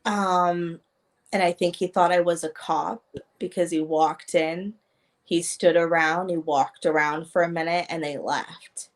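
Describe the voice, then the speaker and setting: A woman, a guest in a podcast interview, recalling her past haltingly with hesitations. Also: fairly low pitch, steady tone. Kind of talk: casual interview chat.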